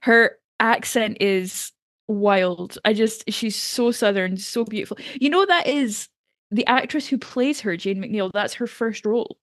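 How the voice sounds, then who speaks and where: Woman, podcast co-host, enthusiastic, laughs often, dry sound, mid pitch. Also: measured pace, dry recording. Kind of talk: casual TV recap chat.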